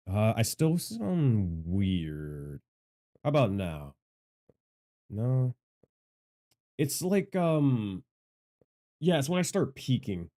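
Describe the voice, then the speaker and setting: A man with a low voice talks into a studio microphone at his home streaming setup. He speaks slowly, and his pitch moves up and down a lot. He is loud and rambling, and he pokes fun at himself while he adjusts his gear. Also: very animated. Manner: loud, rambling and self-deprecating. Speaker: gaming content creator and streamer. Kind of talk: casual livestream mic testing. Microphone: studio microphone with equalizer.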